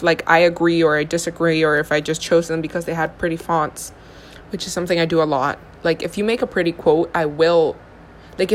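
A young woman from Honduras hosts a casual solo podcast, wandering from thought to thought with plenty of fillers and jokes at her own expense. Her voice sits on the low side, and a faint background hum sits under the recording. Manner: rambling, filler-heavy, self-deprecating. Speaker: podcast host.

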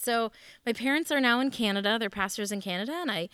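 A woman recounts a personal story in an earnest, candid way, like she is talking to friends. Her voice is smooth and clear, and the sound is dry and close. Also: on the high side, quick pace, fairly bright tone, no room sound. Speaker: small group leader.

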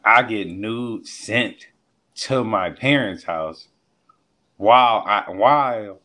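A young man casually telling a story on a podcast, animated and profane, acting out what people said. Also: lowish voice, slow pace. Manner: animated, acts out quotes, profane. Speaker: podcast guest.

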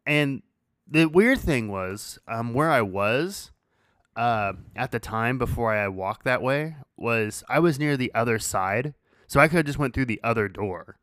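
A man's voice: mid-range voice, lively intonation, a little slow, a bit bright, no echo, clean studio sound. A man hosting a podcast, casually telling a story, swearing freely and laughing as he goes. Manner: laid-back, swears freely, laughs through his story. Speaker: podcast host.

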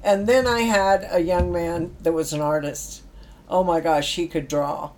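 Middle-aged woman, casual storyteller who acts out quotes, somewhat low voice, animated delivery. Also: unhurried. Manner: animated storyteller acting out quotes, laughs often. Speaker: guest telling stories about work with youth.

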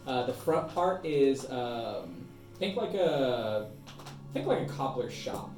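A man's voice: medium pitch, lively intonation, takes it slowly, a little mellow. A man from Minnesota runs a tabletop game and rambles through his descriptions. He stops for fillers and breaks into laughter. The voice is recorded from a distance in an echoey room with faint music playing. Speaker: game master. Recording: roomy echo, mic at a distance, faint music.

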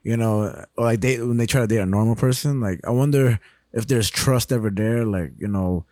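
A man's voice: fairly low pitch, normal speed, mellow, no room sound, clean studio sound. Laid-back rambling podcast guy. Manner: rambling, laughs often, swears casually. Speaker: podcast co-host. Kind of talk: casual podcast chat.

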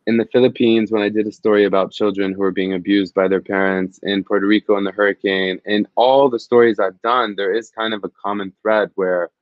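A man's voice: fairly low pitch, level tone, a little fast, few pauses, dry recording, muffled recording. A man, a field reporter, telling stories in an interview in an earnest, reflective, rambling way. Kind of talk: conversational interview storytelling.

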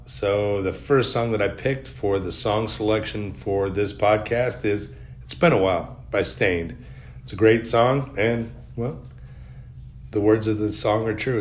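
A man's voice: lowish voice, moderate pace. A man hosting a solo podcast, telling stories in a rambling, wry and joking way. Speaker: podcast host. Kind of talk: casual solo podcast monologue.

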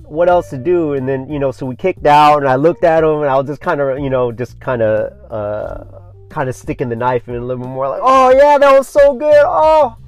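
A man's voice: mid-range voice, fairly even intonation, brisk, a little mellow, faint music behind. A man hosting a casual solo podcast, telling a story in a rambling, profane surfer-bro way. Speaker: podcast host.

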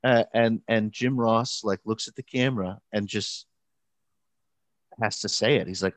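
Low-voiced man retelling a story haltingly. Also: no echo. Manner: halting, many restarts and fillers. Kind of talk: casual storytelling.

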